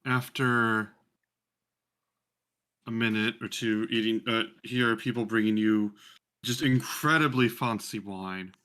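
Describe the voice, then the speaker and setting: A man's voice: on the low side, fairly even intonation, unhurried, long pauses, bright, forceful tone. A man narrating as game master in a rambling, casual way with many fillers.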